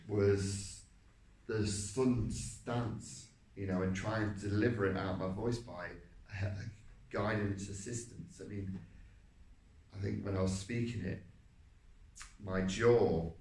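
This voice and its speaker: A man, an actor, reflecting on his vocal technique, halting and searching for words. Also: lowish voice, darkish tone, slight background noise. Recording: roomy, distant mic.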